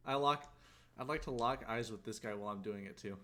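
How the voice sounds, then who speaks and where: A man's voice: on the low side, brisk, crowd noise. A man playing in a tabletop game, joking and laughing through casual chat. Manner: joking, laughing while talking. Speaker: player.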